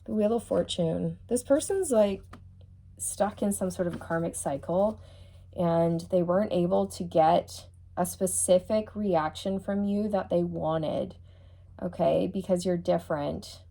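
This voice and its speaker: A woman's voice: on the low side, a little slow, creaky, dark tone. A woman reads tarot cards in a frank, teasing tone. She mocks the person the cards describe and laughs as she goes. She keeps checking in with the viewer as she talks. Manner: blunt, mocking, laughs often, repeats okay. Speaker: tarot reader. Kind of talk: tarot reading monologue.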